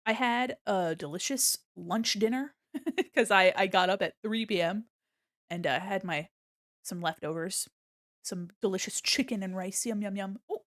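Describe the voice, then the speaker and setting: A woman's voice: mid-range voice, a little slow, dry recording, clean studio sound. A young woman chatting casually on a live art stream, playful and rambling, talking into a desk mic at home. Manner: chatty, playful, drifts into hums and silly sounds. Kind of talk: casual live-stream chat while drawing. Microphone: desk mic on a mic arm.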